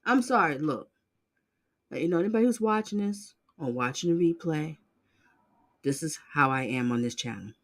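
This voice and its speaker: A woman hosting a channel, reacting bluntly and loudly to court clips in casual commentary. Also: low-pitched, moderate pace, long pauses. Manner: animated, exclaiming, sassy and blunt.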